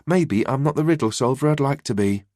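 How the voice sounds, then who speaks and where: Mother figure, voiced by a male narrator: affectionate, teasing, lively. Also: mid-range voice, a little fast, dry recording, clean studio sound, voice pushed up, close to an everyday voice. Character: warm tired mother, adult woman. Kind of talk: audiobook dialogue.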